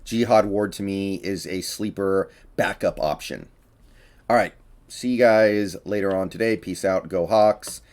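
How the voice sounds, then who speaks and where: Male sports commentator, casual solo talk, lowish voice, slightly winded, opinionated. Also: unhurried, a little mellow. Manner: chatty, opinionated, with frequent fillers and restarts. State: a little out of breath.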